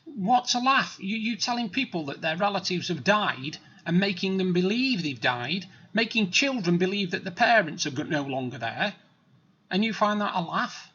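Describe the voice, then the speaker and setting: Bright-voiced, husky man. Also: high voice, big pitch swings, normal speed, dull audio. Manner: plain-spoken, rambling, blunt. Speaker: vlogger. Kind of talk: casual storytelling monologue.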